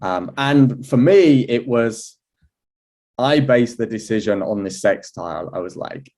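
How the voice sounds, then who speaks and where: A man, an astrology teacher, telling a personal story in a relaxed, chatty way, with many fillers, restarts and an occasional laugh. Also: medium pitch, a little slow. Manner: laughs now and then. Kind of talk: relaxed anecdotal talk.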